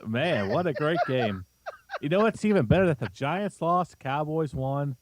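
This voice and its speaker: A man's voice: fairly high pitch, animated, normal speed, dry recording, poor audio. A man who joins the show every week as a guest football fan, chatting casually and teasing the host. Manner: easygoing, teasing, laughs along. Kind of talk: casual sports chat.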